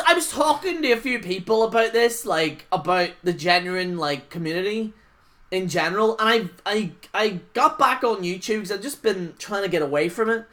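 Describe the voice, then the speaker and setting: A woman's voice: medium pitch, fairly bright tone. A woman on a wrestling channel ranting off the cuff, rambling and swearing, padding every thought with fillers and scoffing at others. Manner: rambling, profane, full of "like" fillers; scoffing, mocks others with put-on voices. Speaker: wrestling YouTuber. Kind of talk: unscripted rant.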